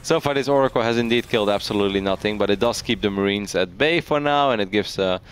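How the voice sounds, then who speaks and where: A man's voice: lowish voice, fast, slight background noise. A man casting a live esports match, chatty and laughing often as he tells anecdotes. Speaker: esports caster.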